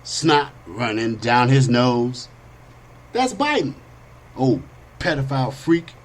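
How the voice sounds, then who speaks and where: A man hosting a podcast, telling an animated parable in street slang, swinging between high whiny character voices and low asides. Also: slow pace. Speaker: podcast host. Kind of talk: storytelling monologue.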